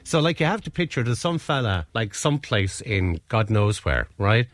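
A man's voice: on the low side, big pitch swings, normal speed, no room sound. A man, co-hosting a show, chatting casually and rambling through a story with frequent chuckles. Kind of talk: casual chat.

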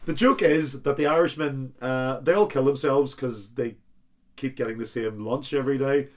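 A man co-hosting a comic chat, telling a long joke in a rambling way with sudden loud bursts. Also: mid-range voice, moderate pace. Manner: rambling storyteller who breaks into loud bursts. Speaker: podcast co-host.

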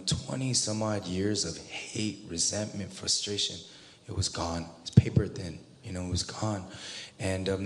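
Man, very deep voice, from Southern California, casual testimony, acts out quotes, long reverb. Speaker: interview guest. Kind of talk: personal testimony in a church interview. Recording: long reverb, faint noise.

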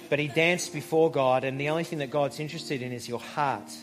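A man preaching a sermon as a pastor, conversational, telling stories and pausing for emphasis. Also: a little high, faint music behind. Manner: conversational, storytelling, with emphatic pauses.

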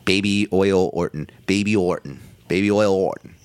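Male podcast co-host, low voice, dry close sound, casual and profane recap. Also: moderate pace, clear, resonant tone, dry recording. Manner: loose, profane, recaps play by play. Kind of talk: casual wrestling recap chat.

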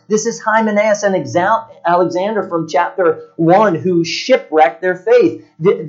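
A man preaching a sermon as pastor, earnest and steady, often sinking low and quiet on solemn points. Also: highs cut off.

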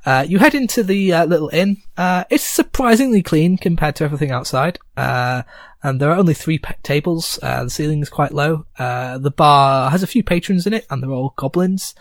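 A man narrates and runs a tabletop fantasy game. His voice sits a little high and sounds dry and close. He talks hesitantly, stopping often on fillers. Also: brisk, no echo. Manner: hesitant, many fillers, light laughs. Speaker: game master.

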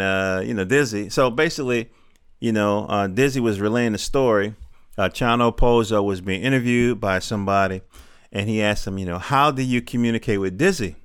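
Low, smooth-voiced man musing aloud. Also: a bit bright, no room sound, studio quality. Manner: loose and digressive, full of fillers and profanity. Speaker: podcaster. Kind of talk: rambling stream-of-consciousness monologue. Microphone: handheld field recorder.

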